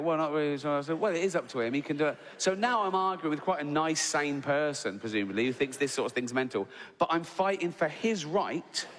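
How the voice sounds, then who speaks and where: A man's voice: a little high, a bit bright. A middle-aged man doing a stand-up routine, swearing a lot and acting out both sides of arguments in raised voices. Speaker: stand-up comedian. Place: large theatre stage. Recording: live hall with reverb and audience noise.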